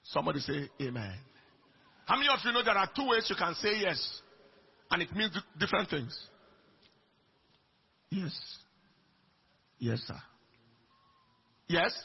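A man preaching a sermon in an emphatic way, swinging between soft lines and shouted ones. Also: high voice, very animated, brisk. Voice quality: raspy, gravelly. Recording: dull lo-fi recording.

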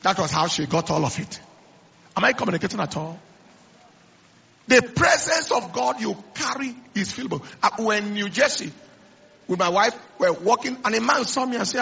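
A middle-aged male pastor preaches in a high, bright, tense voice. His tone is raspy with some fry, and he repeats phrases and restarts words. The recording is slightly dull and lo-fi. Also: animated, normal speed. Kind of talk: sermon.

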